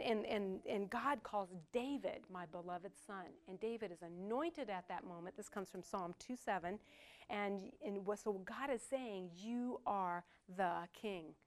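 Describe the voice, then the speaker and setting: An older woman preaching a sermon in a conversational way, with joking asides to the congregation. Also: mid-range voice.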